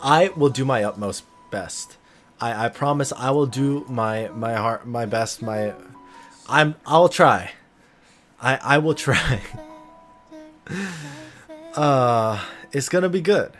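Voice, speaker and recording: A man's voice: medium pitch, animated, slow pace, pauses often, a bit bright, soft background music. A tired man hosting a livestream in casual chat, rambling and self-deprecating. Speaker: livestream host.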